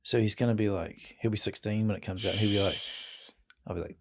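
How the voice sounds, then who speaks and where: A middle-aged man with a New Zealand accent speaks fast in a lowish, steady voice, with slight background noise. He's a guest in a casual chat, telling rambling, self-mocking stories and laughing often.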